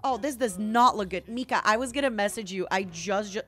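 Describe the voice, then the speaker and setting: A young woman streaming a video game, chatting casually with viewers in excitable bursts. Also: medium pitch, fairly quick. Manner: excitable, yelling and laughing bursts. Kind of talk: casual gameplay commentary. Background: game music.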